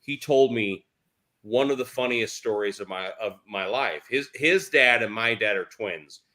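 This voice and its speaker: Bright-voiced man telling stories. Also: fairly low pitch, measured pace. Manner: animated, swears freely, lots of fillers. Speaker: podcast host. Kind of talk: casual storytelling chat.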